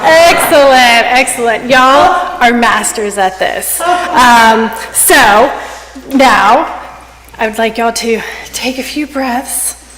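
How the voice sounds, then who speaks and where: A woman leading a congregation through a playful laughter exercise, encouraging and warm in her praise. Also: on the high side, slow pace, a little hiss or hum. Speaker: worship leader. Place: church sanctuary. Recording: echoey hall with congregation and music.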